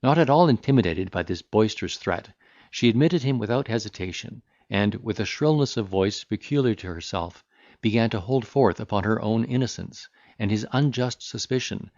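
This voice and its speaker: Low-voiced male audiobook narrator. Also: expressive, a little mellow, dry recording, muffled recording. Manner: measured, formal storytelling. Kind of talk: scripted narration of a classic novel.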